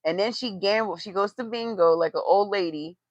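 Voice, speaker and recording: A woman's voice: medium pitch, fairly quick, no echo. A woman giving blunt, profane, mocking gossip commentary on a casual livestream. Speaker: tarot reader and commentator. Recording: dry, slightly dull lo-fi sound.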